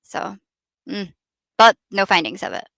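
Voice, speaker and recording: A woman's voice: medium pitch, very animated, a little slow, gravelly, fairly bright tone, dry recording. A woman hosting a show, commenting on court footage and summarizing it as she thinks aloud. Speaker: show host.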